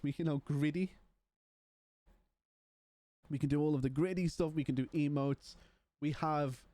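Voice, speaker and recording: A man's voice: fairly high pitch, warm tone, dry recording. A man livestreaming from home, chatting casually and rambling while yawning and tired. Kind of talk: casual stream chat.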